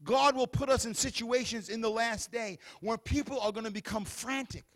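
Guy preaching a sermon, pretty high voice, goes soft and calming then loud and fired up. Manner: shifts from hushed, soothing passages to loud fervent exhortation; reads scripture aloud in a measured cadence.

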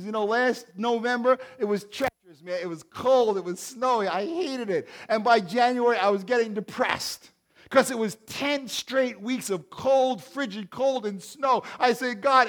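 A man in his sixties, a pastor, preaching with emphatic swells and soft conversational asides. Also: sits high, normal speed. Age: 60s. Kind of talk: sermon.

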